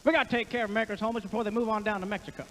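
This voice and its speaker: A man doing an impression of a famous tycoon, with a high, nasal, clipped voice and a folksy, rambling, self-interrupting manner. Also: steady tone, very fast, a bit bright, slight background noise. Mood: cranky.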